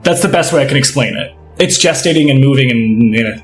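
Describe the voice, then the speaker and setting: A man's voice: mid-range voice, quick pace, reverberant, faint music behind. A man running a tabletop game as game master, narrating in a rambling way full of fillers and laughs.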